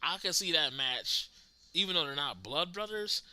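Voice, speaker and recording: A man's voice: on the high side, normal speed. A man hosting a live reaction stream, chatting casually with viewers and laughing often. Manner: animated, laughs often, talks to chat viewers. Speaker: livestream host reacting to wrestling.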